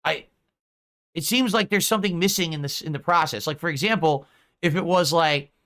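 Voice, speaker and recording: Bright-voiced ranting male streamer. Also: on the high side, fairly quick. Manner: incredulous, ranting. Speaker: streamer host. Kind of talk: casual chat.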